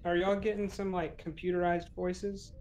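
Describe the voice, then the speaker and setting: A man's voice: high voice, little pitch movement, normal speed, darkish tone, a little hiss or hum, rough recording. A man playing in a tabletop game, casually explaining what his character does. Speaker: player.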